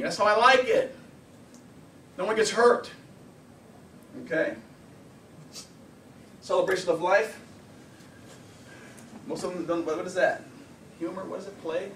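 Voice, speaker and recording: A man counseling and lecturing at a workshop, lively and full of rhetorical questions. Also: sits high, normal speed, pauses often, echoey room, recorded from a distance, a little hiss or hum, poor audio. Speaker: anger management counselor.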